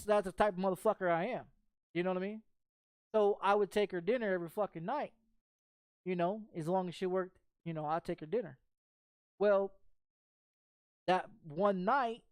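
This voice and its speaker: A man's voice: sits high, moderate pace, long pauses, clean tone, no echo, clean studio sound. A man telling a personal story in casual chat while streaming a game, profane and rambling with frequent repeats.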